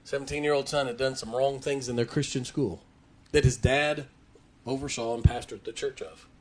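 An older man with a drawl preaches to his congregation. He spins folksy, laughing stories, and his voice sits at an ordinary middle pitch. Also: steady tone, moderate pace. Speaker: pastor. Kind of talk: sermon.

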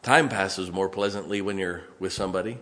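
A man's voice: low voice, brisk, fairly bright tone. A middle-aged man from West Virginia with a West Virginian accent, preaching a sermon in a folksy, conversational way, with asides and chuckles. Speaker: pastor.

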